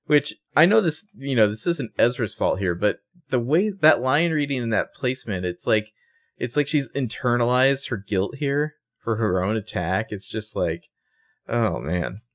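A man co-hosting a podcast, retelling scenes with wry, animated asides in casual chat. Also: medium pitch, normal speed. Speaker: podcast co-host.

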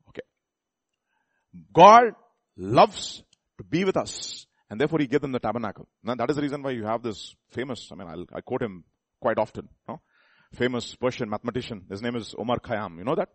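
A man's voice: mid-range voice, expressive, brisk, no room sound. A man preaching a sermon in a conversational way, often asking the congregation questions and restarting his sentences.

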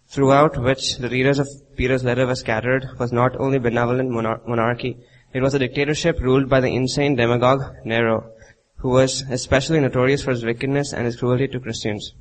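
A preacher reading a sermon text aloud with a measured, even delivery. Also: male voice, medium pitch, slight background noise, poor audio.

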